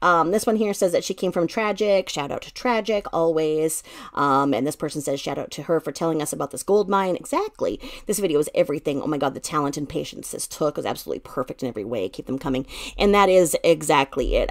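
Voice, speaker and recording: Low-pitched woman rambling over a video. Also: brisk. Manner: rambling, chatty, many restarts. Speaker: commentary channel host. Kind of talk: reaction commentary.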